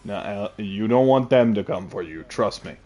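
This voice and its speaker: A man streams a game from home, his voice sitting a little low as he talks loosely and jokes. He breaks into laughter often, and his words reach a desk mic in a home setup. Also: moderate pace, breathy edge. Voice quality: laughs often, jokey and animated. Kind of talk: casual live-stream gaming chat.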